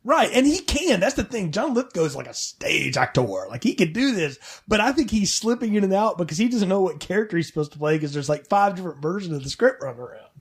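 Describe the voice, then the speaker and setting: A man's voice: sits high, fast talker, few pauses, slightly rough. A man co-hosting a film podcast, chatting casually and jokingly acting out characters' lines. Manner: animated, jokey, acts out characters' lines. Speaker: podcast co-host. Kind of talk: casual film-review chat.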